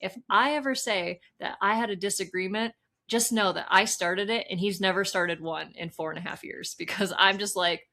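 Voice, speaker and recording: A woman with a bright, forceful voice chatting on a podcast. She talks in an animated way, laughs often and swears freely. Her pitch sits in the middle of the usual range. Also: moderate pace. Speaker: podcast co-host. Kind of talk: casual chat.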